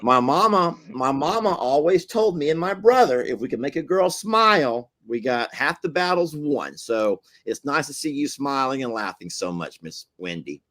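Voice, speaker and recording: A man's voice: mid-range voice, expressive, normal speed, few pauses, a bit bright. A man hosting a casual live chat with callers, teasing them in a folksy way and laughing easily. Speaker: host.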